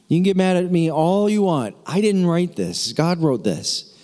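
A man's voice: sits high, animated, moderate pace, dark tone. A man preaching a sermon to his church in a casual, joking way, with playful asides to the congregation. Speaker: pastor. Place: church sanctuary. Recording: long hall reverb.

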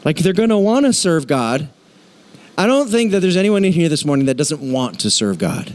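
A man preaching a casual, animated sermon in a church, acting out voices when he quotes. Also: fairly high pitch, normal speed. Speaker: pastor.

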